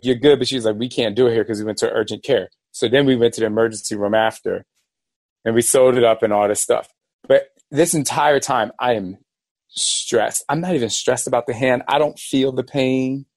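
Animated man telling a story. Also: mid-range voice, moderate pace, dry recording. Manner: animated, rambling, acts out quoted dialogue. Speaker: podcast host. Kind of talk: casual storytelling.

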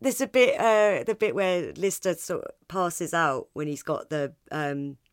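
A woman's voice: fairly low pitch, unhurried, clean tone, no room sound, clean studio sound. A woman, a podcast guest chatting casually and animatedly. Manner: animated, acts out lines in voices.

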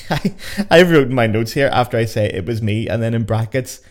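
A man's voice: mid-range voice, moderate pace. Chatty Belfast man hosting a podcast. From Northern Ireland. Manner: chatty, joking, self-mocking. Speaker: podcast host. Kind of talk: casual podcast chat.

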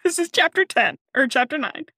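A young woman hosts a casual podcast, retelling a book with lots of giggles and animated asides. Her voice sits fairly high. The sound is dry and close. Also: a little fast, no echo. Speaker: podcast host. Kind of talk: casual book recap chat.

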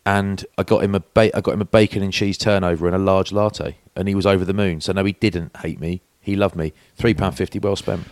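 Deep-voiced man in his forties. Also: steady tone, fairly quick, hardly any pauses, dry recording, clean studio sound. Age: 40s. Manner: chatty storyteller, acts out quoted voices. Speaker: podcast co-host. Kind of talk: casual chat.

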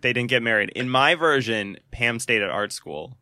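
A man co-hosting a casual comedy chat, making playful deadpan absurd jokes. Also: medium pitch, moderate pace, no room sound, clean studio sound.

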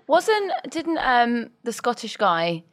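A young woman journalist on a podcast, telling stories with lively energy, quick comebacks and frequent giggles. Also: a little high. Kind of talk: casual banter.

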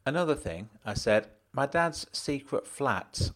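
A man's voice: mid-range voice, animated, measured pace, a bit bright. A man narrating an audiobook in the first person, dry and matter-of-fact.

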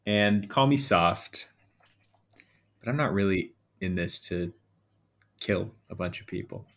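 A man with a very low, gravelly voice plays a tabletop game. He speaks earnestly and hesitantly, with plenty of fillers. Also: slow pace, a bit bright. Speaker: player. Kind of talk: in-character casual talk.

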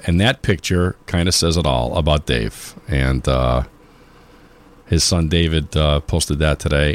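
A man hosting a polka radio show, chatting casually on air and reminiscing with many fillers and restarts. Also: sits low.

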